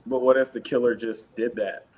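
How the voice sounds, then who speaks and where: A man's voice: mid-range voice, fairly even intonation, fairly quick, darkish tone, husky. A man co-hosting a podcast in casual, laid-back chat, rambling and joking. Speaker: podcast co-host.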